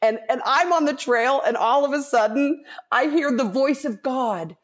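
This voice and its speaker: Podcast guest, woman, animated storyteller who acts out the voices of others. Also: sits high, normal speed. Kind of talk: casual storytelling.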